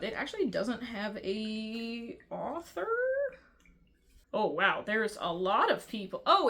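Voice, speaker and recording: A woman's voice: fairly high pitch, a bit bright. A woman vlogging in a casual rant, frustrated and blunt, swearing freely and often restarting her sentences. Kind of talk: casual ranting vlog.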